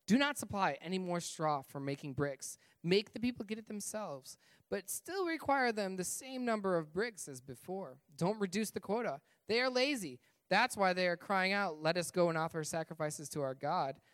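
A harsh, stern pharaoh, put on by a man reading scripture aloud, barking orders in a raised, emphatic voice. The sound is dry and close. The delivery slows and presses each demand. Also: sits high, expressive, fairly bright tone, clean tone, no room sound. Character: stern angry male pharaoh, harsh ruler.

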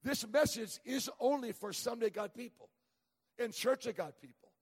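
High-voiced husky male preacher in a reverberant church. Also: lively intonation, normal speed, a little mellow. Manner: storytelling with humor, many stammered restarts. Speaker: evangelist preacher. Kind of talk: sermon. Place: church sanctuary.

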